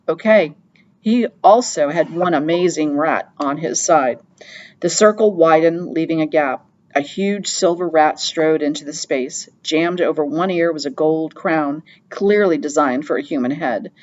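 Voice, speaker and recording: A woman narrating an audiobook in a steady, plain storytelling manner. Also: deep voice, a little slow, lo-fi sound. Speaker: audiobook reader.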